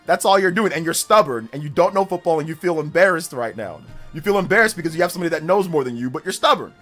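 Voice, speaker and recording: A man's voice: on the high side, animated, quick pace, fairly bright tone, faint music behind. A male streamer talking casually on a live stream, arguing emphatically with his chat. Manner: emphatic, argumentative, talks back to chat.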